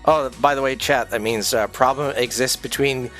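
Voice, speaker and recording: A man's voice: mid-range voice, steady tone, normal speed, a bit bright, faint music behind. A man hosting a stream, chatting casually in a rambling, sweary way and laughing often. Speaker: streamer host. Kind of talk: casual chat.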